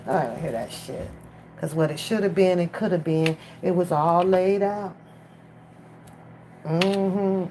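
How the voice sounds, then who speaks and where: A woman's voice: on the low side, takes it slowly, long pauses, dark tone, slight background noise. A woman chatting casually on a live stream from her phone, talking straight to the viewers in chat. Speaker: livestream commentator.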